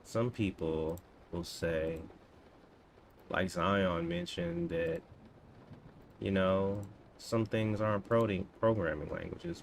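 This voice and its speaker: A man in his thirties casually chatting to himself and his viewers while coding, relaxed and slangy. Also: low voice, vocal fry, a little hiss or hum. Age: 30s. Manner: laid-back, talks to himself, drawn-out slangy asides. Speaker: coding streamer. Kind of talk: casual live-stream chat while coding.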